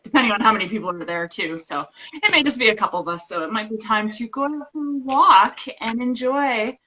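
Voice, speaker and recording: A woman's voice: a little high, brisk, bright, forceful tone, lo-fi sound. A woman hosting a fitness chat over a video call, talking casually and laughing through her words. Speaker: fitness trainer host.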